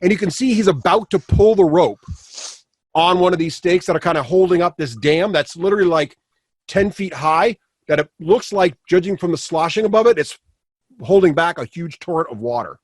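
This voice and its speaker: A man's voice: sits high, moderate pace, dry recording. A man running a tabletop game as game master, rambling with many fillers and restarts.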